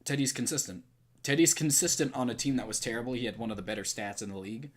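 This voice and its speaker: A man's voice: medium pitch, fast, slight background noise. A young man in casual esports debate chat, emphatic and opinionated, often repeating himself mid-sentence.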